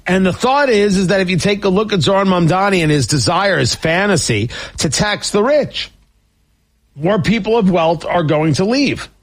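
A man's voice: high-pitched, animated, normal speed. A man hosting a political talk radio show, riffing sarcastically on the news.

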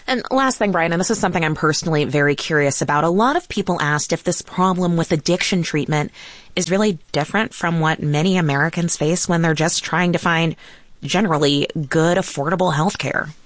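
A woman hosting a radio news program with a crisp, conversational delivery. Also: low voice, a little fast, dry recording. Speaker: news host.

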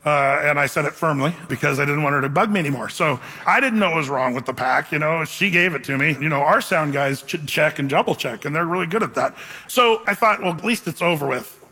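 Man, pastor, sermon, lively self-deprecating storyteller, slightly higher voice, long hall reverb. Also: a little fast, slightly rough.

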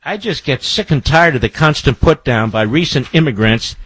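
A man's voice: medium pitch, expressive, moderate pace, fairly bright tone, slightly rough, no echo. A man hosting a talk radio show, delivering an emphatic monologue into a studio microphone and repeating key phrases for effect.

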